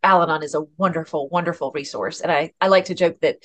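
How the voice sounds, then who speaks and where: A woman speaks as a podcast guest in a relaxed, open chat. Her voice sits a touch low, and she tumbles through restarts, with a laugh at her own expense now and then. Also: fast talker. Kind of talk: casual conversation.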